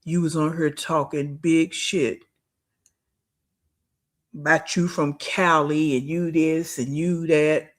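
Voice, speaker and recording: A woman with a low, steady voice hosts a reaction livestream, speaking slowly with long pauses. She scolds bluntly, repeats phrases for emphasis and greets her live chat.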